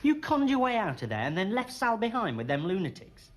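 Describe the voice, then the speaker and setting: A blunt, hot-headed Yorkshireman, scornful and quick to threaten in a TV drama. His voice is high and swings widely. Faint background hum sits behind him. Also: huge pitch swings, roomy sound. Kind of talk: TV drama acting.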